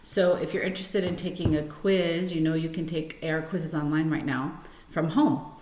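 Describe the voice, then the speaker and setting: A middle-aged woman librarian talking gently to children before a storytime read-aloud, with many ums. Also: low voice, steady tone, normal speed, a little hiss or hum. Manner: gentle, chatty teacher talk with many ums. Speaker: school librarian. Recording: roomy echo.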